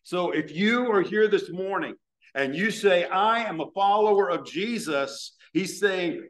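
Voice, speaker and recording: A man preaching a sermon as pastor, earnest, slowing down to stress words from scripture. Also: animated. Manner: prays in a hushed, low voice.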